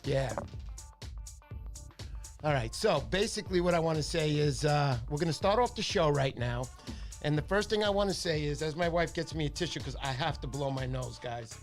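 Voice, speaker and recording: A man's voice: a little high, moderate pace, faint music behind. Chatty New man with a cold. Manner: chatty storyteller, animated impressions. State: stuffy nose from a cold. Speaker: fishing livestream host. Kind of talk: casual livestream chat.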